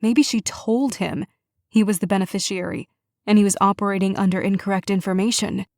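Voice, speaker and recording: Grieving aunt figure, soft and quavering, dry close read; a woman narrator does the part. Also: medium pitch, fairly even intonation, brisk, dry recording, natural voice. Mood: measured, sorrowful. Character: grieving middle-aged woman, sister's guardian. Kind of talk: audiobook character reading.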